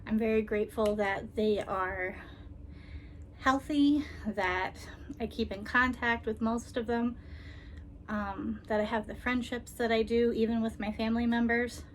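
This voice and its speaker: A woman vlogger talking casually and tenderly, with frequent ums and soft laughs, near tears. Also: fairly high pitch, fairly even intonation, a little slow, slight background noise. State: emotional, holding back tears. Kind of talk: casual personal vlog.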